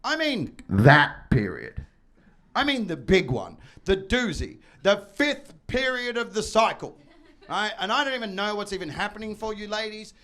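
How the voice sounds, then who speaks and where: A stand-up comedian man with a strikingly high, bright, forceful voice, working a live crowd. He talks brashly and breaks into loud shouts and mock voices to sell his bits. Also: very animated, moderate pace. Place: comedy venue with audience.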